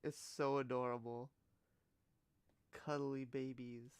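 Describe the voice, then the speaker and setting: A woman's voice: a bass voice, level tone, slow pace, a little mellow, clean tone, no room sound. A woman streamer in a casual live-stream reaction, giggly and gushing, often exclaiming and trailing off mid-sentence.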